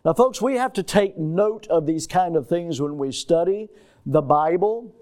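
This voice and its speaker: A man with a notably high voice delivers a teaching sermon. He reads old-fashioned scripture wording aloud, then explains it plainly and throws questions to his listeners. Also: animated, a little slow, a little mellow. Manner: teacherly, asks the congregation questions. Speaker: pastor. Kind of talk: expository sermon.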